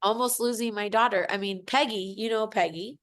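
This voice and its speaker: A woman's voice: mid-range voice, fairly even intonation, brisk, a bit bright. A woman in her forties, a podcast guest, telling a personal story in casual chat, emotional and gushing, acting out what others said. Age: 40s.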